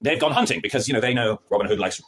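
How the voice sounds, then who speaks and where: Fast-talking, animated male TV reviewer. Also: lowish voice, slight background noise. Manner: sarcastic, animated, acts out scenes in mocking voices. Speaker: TV review vlogger. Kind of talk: casual spoken TV review.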